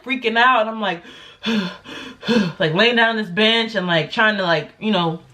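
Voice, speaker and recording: Bright, animated young woman telling a story. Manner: animated, acts out quotes with big pitch jumps. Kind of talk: casual storytime.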